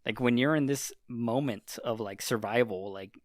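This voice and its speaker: A man talks casually as a podcast co-host, piling on fillers and curse words as he rambles through a story. His voice sits at an everyday middle pitch. The sound is close and dry, with no room around it. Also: normal speed, no room sound. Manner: rambling, profane, heavy use of "like". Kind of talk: casual chat.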